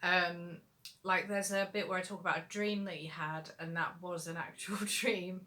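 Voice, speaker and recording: Chatty woman with a bright, low voice. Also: fairly even intonation, moderate pace. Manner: rambling, chatty, with frequent fillers. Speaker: author answering viewer questions. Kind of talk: casual livestream Q&A.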